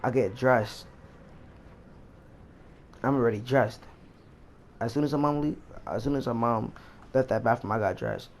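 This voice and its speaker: A man's voice: mid-range voice, expressive, a little slow, long pauses, a little hiss or hum. A young man vlogger telling a rambling, slangy story as he plays a game. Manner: rambling, slangy, repeats himself. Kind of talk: casual storytime while gaming.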